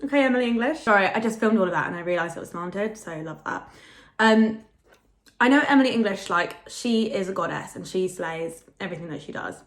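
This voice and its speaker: A woman's voice: medium pitch, lively intonation, fairly quick. Chatty young woman in an echoey room. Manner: chatty, self-deprecating, filler-heavy. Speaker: food vlogger. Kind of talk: casual vlog chat to camera.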